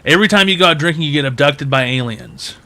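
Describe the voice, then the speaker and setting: Uomo dalla voce chiara, brusco e beffardo. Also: male voice, a little high, animated, fast talker, sharp tone. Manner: blunt, mocking, profane. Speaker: advice show host. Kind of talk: crude comedic call-in banter.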